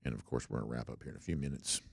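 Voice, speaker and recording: A man's voice: rumbling low, rapid-fire, vocal fry, breathy edge, no echo. A man hosting a sports talk show, chatting loosely with many fillers and restarts as he reads out listener comments. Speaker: podcast host.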